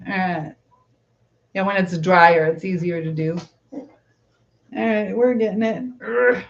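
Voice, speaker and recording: A woman's voice: on the low side, slow pace, gravelly, long pauses, dull audio. A woman hosting a casual live-stream chat, answering viewers as she braids her hair.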